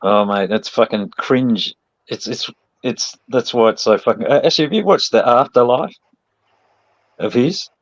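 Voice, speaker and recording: A man's voice: mid-range voice, moderate pace, no room sound, muffled recording. A man in casual chat, teasing and blunt.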